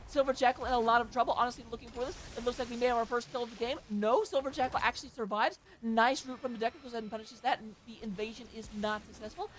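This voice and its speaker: A woman casting an amateur esports match with play-by-play commentary, chatty and excitable, with joking asides. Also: fairly high pitch, fast talker, hardly any pauses, a little hiss or hum. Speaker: esports caster.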